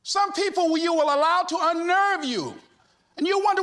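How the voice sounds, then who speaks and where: Fiery high-pitched man exhorting. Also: moderate pace. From United States. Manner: fiery, shouting, repetitive exhortation. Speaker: motivational speaker. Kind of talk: motivational speech.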